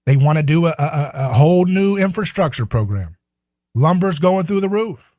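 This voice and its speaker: A man's voice: fairly high pitch, lively intonation, moderate pace, a little mellow, no echo. A man hosting a political talk radio show, delivering a sarcastic, indignant monologue.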